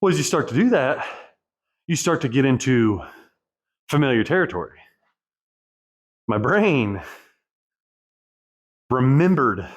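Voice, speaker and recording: A man speaks at an ordinary middle pitch, working through his thoughts aloud. His talk rambles and circles back on itself, blunt and profane, as he coaches divorced men from his own experience. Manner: rambling, profane, self-reflective. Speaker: divorce coach and channel host. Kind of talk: candid personal monologue.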